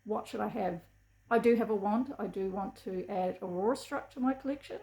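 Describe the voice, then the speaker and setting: A woman's voice: mid-range voice, brisk, dark tone. A middle-aged woman with a New Zealand accent, chatting to camera as a beauty vlogger, gushing and enthusiastic. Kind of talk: casual chat to camera. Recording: echoey room.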